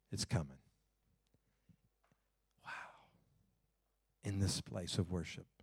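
A man preaching a sermon in a loose, conversational way. He sits at a middle pitch and swings between emphatic lines and hushed, quiet passages. The recording is dry and close. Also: no echo. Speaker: pastor.

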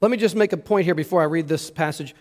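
A man's voice: on the high side, fast. A pastor preaching an earnest sermon, emphatic and repeating words as he stresses his points. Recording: long hall reverb.

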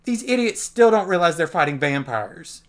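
A man's voice: on the high side, very animated, normal speed. A man co-hosting a podcast, casually recapping a comic book with rambling asides, laughs and fillers. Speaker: podcast co-host.

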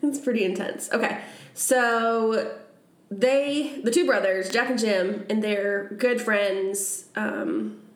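A woman's voice: medium pitch, slow pace. A young woman co-hosting a podcast, telling a story in a rambling, chatty way and laughing often. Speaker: podcast co-host. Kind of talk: casual storytelling chat. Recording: echoey room.

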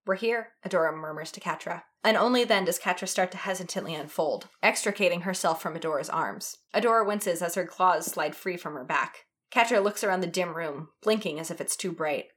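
A woman reading fan fiction aloud in an expressive, dramatic way. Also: on the low side, brisk, few pauses. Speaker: reader.

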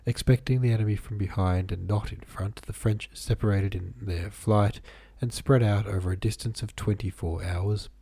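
A man hosting a podcast, reading a novel aloud in a calm, measured way, nasal and stuffy from a head cold. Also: fairly low pitch, gravelly, slightly rough, no room sound. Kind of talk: audiobook-style reading.

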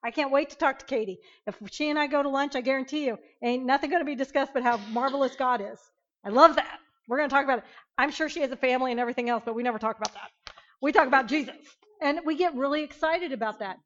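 High-voiced emphatic Bible teacher woman. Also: quick pace, lo-fi sound, a little hiss or hum. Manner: animated, emphatic, asks the class questions. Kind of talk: interactive Bible lesson.

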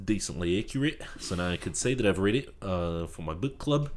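A man's voice: low voice, lively intonation, a little fast, a little hiss or hum. A man co-hosting a casual movie review podcast, laid-back and chuckling, who slips into accents. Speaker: podcast co-host. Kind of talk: casual chat.

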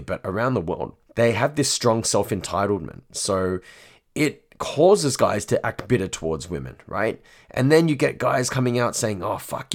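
A young man, a dating coach, talking bluntly and profanely to his audience, often tagging lines with "right?". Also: on the low side. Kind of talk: monologue to camera.

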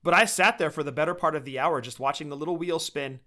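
Casting: male podcast co-host, bright and forceful tone, fairly high voice, eager. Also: quick pace. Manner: enthusiastic collector talk. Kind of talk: casual chat.

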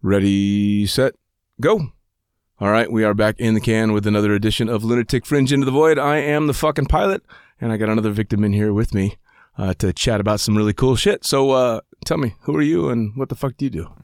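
A man's voice: lowish voice, brisk, a little mellow, clear, resonant tone, no echo, clean studio sound. A man hosting a casual podcast, swearing freely in a laid-back way. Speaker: podcast host.

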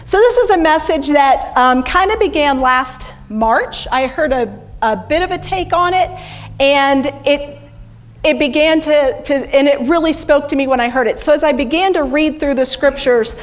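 A woman's voice: high voice, moderate pace. A middle-aged woman preaching as a guest speaker in a church, chatty and self-deprecating. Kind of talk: sermon. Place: church sanctuary.

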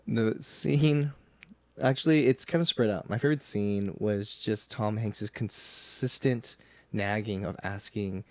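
A man's voice: on the low side, a little slow, a little mellow, no echo. A man co-hosting a film podcast in casual chat, rambling enthusiastically and tripping over his words. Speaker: podcast co-host.

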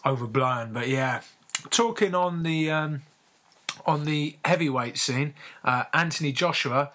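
Chatty bright-voiced man. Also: fairly high pitch, unhurried. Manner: chatty, hesitant with many fillers. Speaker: podcast co-host. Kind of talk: casual boxing chat.

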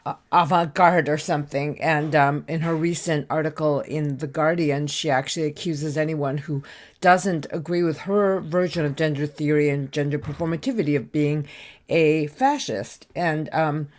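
An American woman speaking on a panel discussion, thoughtful but halting, with many ums and restarts. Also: low voice, a little mellow. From United States. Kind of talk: remote discussion contribution.

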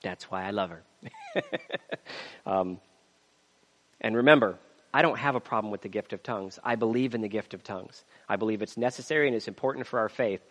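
A man's voice: fairly low pitch, fairly quick, long pauses, big-room sound. A man preaching a sermon, reading scripture aloud and building emphasis as he goes. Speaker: pastor.

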